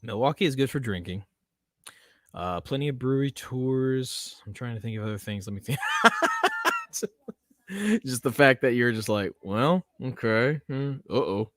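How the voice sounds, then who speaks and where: A man's voice: mid-range voice, expressive, moderate pace, pauses often, no room sound, studio quality. A man hosting a casual livestream podcast, rambling and chuckling as he talks to his chat. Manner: rambling, chuckling, self-interrupting. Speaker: podcast host.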